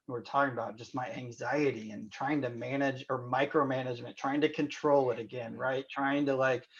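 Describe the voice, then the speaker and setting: A man's voice: medium pitch, muffled recording. A man from Indiana, a physician guest on a podcast, speaking candidly and reflectively with frequent "you know" and restarts. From Indiana, USA. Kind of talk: candid conversational interview.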